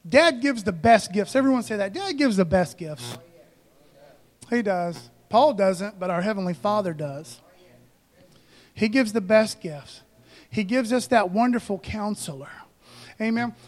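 A man's voice: sits high, animated, unhurried, long pauses. A man preaching a sermon as pastor, conversational and joking, calling out to the congregation.

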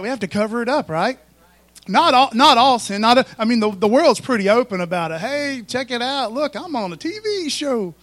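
High-voiced folksy preacher man. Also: a bit bright, dry recording. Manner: folksy, conversational preaching with frequent asides. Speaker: pastor. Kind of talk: sermon.

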